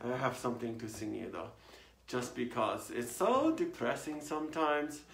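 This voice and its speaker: A woman's voice: extremely low pitch, animated, moderate pace, slight background noise, pitched below the performer's own voice. A woman putting on a theatrical foreign hostess who drawls and calls everyone darling, in an echoey home room. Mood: wistful. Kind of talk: home comedy show hosting.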